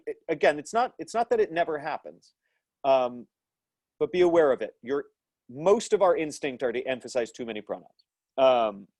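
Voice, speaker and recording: A man's voice: a little high, darkish tone, dry recording. An American man teaching an acting class over a video call, thoughtful and emphatic, with frequent ums and uhs. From United States. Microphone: video call mic.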